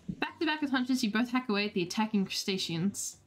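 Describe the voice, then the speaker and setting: A woman's voice: mid-range voice, expressive, quick pace, soft background music. A woman streamer reading a dating game aloud, playful and laughing, with self-deprecating asides.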